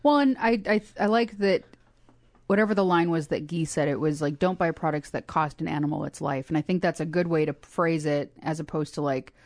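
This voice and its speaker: A woman co-hosting a casual chat about a cartoon episode, sarcastic and quick to laugh. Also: low voice, darkish tone, no room sound. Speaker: podcast co-host.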